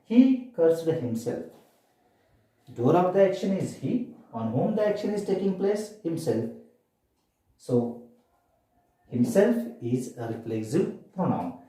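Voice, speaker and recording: A man's voice: a little high, sing-song, takes it slowly, pauses often, mellow. A man teaching a grammar lesson, asking questions and answering them himself. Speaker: English teacher. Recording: very echoey room.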